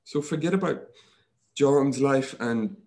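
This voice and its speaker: A man talking as a guest on a podcast, a mindset coach who tells stories and acts out his own inner thoughts in lively quoted lines. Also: mid-range voice, takes it slowly. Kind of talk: casual podcast conversation.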